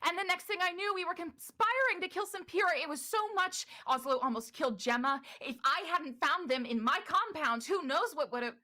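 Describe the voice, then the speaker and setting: A woman game master puts on a defensive woman trying to justify herself to her partner. Her voice rises high and bright, and she draws out her protests in a pleading way during this tabletop scene. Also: fairly quick, few pauses. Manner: high and pleading, stretching words. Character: defensive woman caught in a lie. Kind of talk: acted dialogue in a tabletop game.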